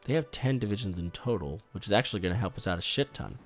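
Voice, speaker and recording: A man giving casual, swear-laced commentary while playing a strategy game, bursting out loudly when things go wrong. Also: fairly low pitch, lively intonation, fast, soft background music. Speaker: gaming YouTuber.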